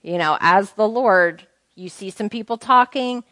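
A woman's voice: mid-range voice, unhurried, fairly bright tone, no room sound. A woman teaching the Bible to a small group in a conversational way, asking them questions and reading scripture aloud.

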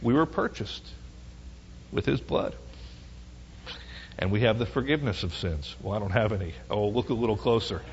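With long pauses at a moderate pace, a middle-aged man teaches a Bible study in a lowish voice, some hiss or hum audible. He stays conversational and often asks listeners rhetorical questions about whether they follow. The recording is muffled and lo-fi, drenched in long hall reverb.

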